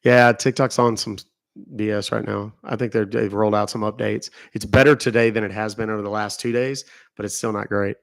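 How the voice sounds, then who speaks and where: A man's voice: lowish voice, steady tone, brisk, vocal fry, dry recording. A middle-aged man, chatting casually on a phone livestream, rambling as he answers viewer comments. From Texas. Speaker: livestream host.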